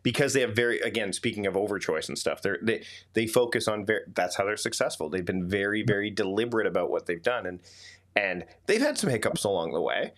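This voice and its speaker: A man's voice: fairly low pitch, lively intonation, fast talker, a bit bright. A man with a Canadian accent hosting a livestream interview over a video call, chatty with many restarts and fillers. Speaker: podcast host.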